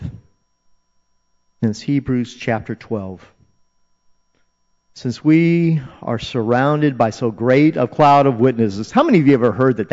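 A man's voice: mid-range voice, a little mellow. A man preaching a sermon as pastor, earnest and repeating phrases for emphasis. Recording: dull, reverberant hall recording.

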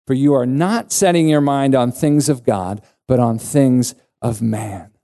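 A man voicing a stern male teacher rebuking a follower, slow and deliberate. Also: mid-range voice, gravelly, mellow.

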